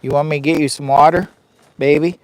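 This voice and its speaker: A man's voice: fairly high pitch, fairly even intonation, fairly quick, no room sound. A man live-streaming from a heated camping tent, rambling casually and sweating in the heat, talking to his dog in a doting voice. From Michigan. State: hot and sweating. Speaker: outdoor vlogger and live streamer. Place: inside a heated tent in the rain.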